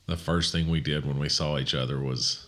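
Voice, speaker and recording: Man, pastor, very deep voice, excitable casual chat. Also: a little fast. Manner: animated, rises in pitch when excited. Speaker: pastor and podcast co-host.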